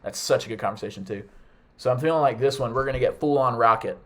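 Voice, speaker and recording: Fast-talking young male podcast host. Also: medium pitch, fairly bright tone. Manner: enthusiastic, calls on each guest by name. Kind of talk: casual chat.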